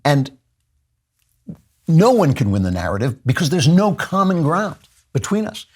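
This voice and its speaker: A man's voice: fairly high pitch, very animated, unhurried, a little mellow, slightly rough. A man hosting a podcast, delivering an impassioned monologue with fervent repetition and frequent restarts. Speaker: podcast host.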